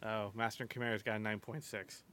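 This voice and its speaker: A man's voice: on the low side, flat delivery, quick pace, pushed and bright. A man co-hosting a casual film podcast, joking around. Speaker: podcast co-host.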